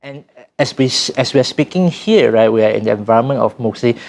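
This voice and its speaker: A man's voice: medium pitch, animated, fast, vocal fry, darkish tone. Man with a Southeast Asian lilt. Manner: thoughtful, restarts often, lightly stammering. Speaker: podcast co-host, data science trainer. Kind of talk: casual podcast chat.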